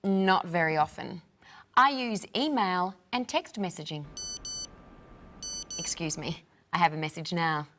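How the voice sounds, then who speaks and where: A woman's voice: fairly low pitch, expressive, a little slow, long pauses, fairly bright tone. A woman co-presenting a language lesson, explaining things in a plain, scripted chat.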